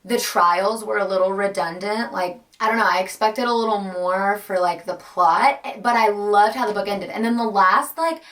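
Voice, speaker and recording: A woman's voice: mid-range voice, normal speed, hardly any pauses, a bit bright. Young woman, book vlogger, casual chat, gushing, dramatic reactions. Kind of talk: casual reading vlog chat.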